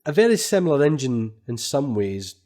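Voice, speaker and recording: A man's voice: medium pitch, big pitch swings, normal speed, warm tone. Man, podcast co-host, casual chat, enthusiastic. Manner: enthusiastic, chatty, reads quotes aloud. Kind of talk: casual retro gaming chat.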